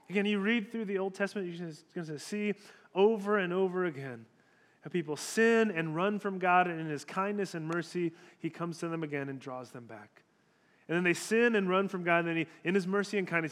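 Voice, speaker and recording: A male pastor preaching a sermon in a church hall, conversational and emphatic. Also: a little high. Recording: long hall reverb.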